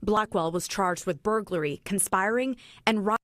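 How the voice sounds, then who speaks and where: A woman reads a television news report in a measured, formal delivery. Her voice sits at a middle pitch, and the recording is dry and close, with little room sound. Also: fairly bright tone, no room sound.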